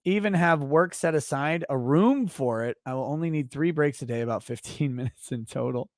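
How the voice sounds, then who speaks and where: A man hosting a casual livestream, reading out viewer messages and answering them bluntly, with plenty of swearing. His voice sits a little high for a man. The sound is dry and close, with almost no room echo. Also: moderate pace. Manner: blunt, profane, offhand replies. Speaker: livestream host.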